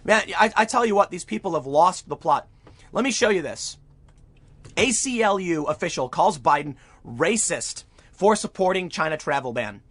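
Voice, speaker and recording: A man's voice: on the high side, animated, normal speed, fairly bright tone, no echo. A man giving opinionated political commentary as he reads news aloud, emphatic and prone to repeating words when fired up.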